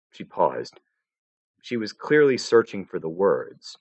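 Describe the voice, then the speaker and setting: Male storyteller, low and lively, dry close mic. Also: slow, husky, dry recording. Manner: expressive storytelling narration. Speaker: fanfiction reader. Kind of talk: live reading of fan fiction.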